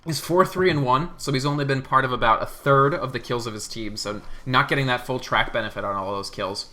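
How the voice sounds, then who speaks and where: A man casting a live online game tournament, excitable play-by-play with quick asides and laughter. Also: mid-range voice. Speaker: esports caster.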